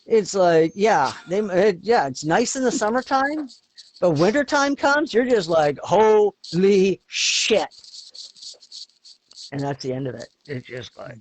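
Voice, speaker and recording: A man's voice: fairly high pitch, a little hiss or hum. A Canadian man from Eastern Canada co-hosting a podcast, telling rambling stories in casual chat and swearing constantly. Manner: profane, rambling storytelling with frequent swearing. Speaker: podcast co-host.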